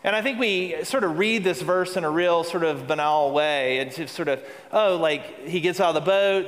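A man's voice: fairly high pitch, moderate pace, hardly any pauses, fairly bright tone. A man preaching a sermon to a congregation, earnest and building to emphatic peaks with repeated phrases. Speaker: pastor. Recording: long hall reverb.

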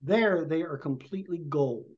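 A man's voice: a little high, moderate pace, a little mellow. A man, a podcast guest, telling a rambling hunting story in vivid detail and a casual way. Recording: dull lo-fi podcast audio.

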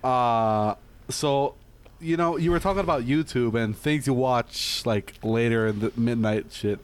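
A man's voice: medium pitch, measured pace, smooth. A young man in a casual chat, joking, swearing freely and steering the talk along.

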